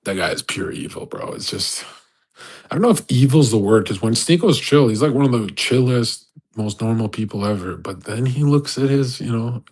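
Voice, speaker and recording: A man's voice: mid-range voice, brisk, a little mellow, slightly rough. A male livestreamer in a rambling, profane rant, laughing often between points. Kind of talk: casual ranting monologue.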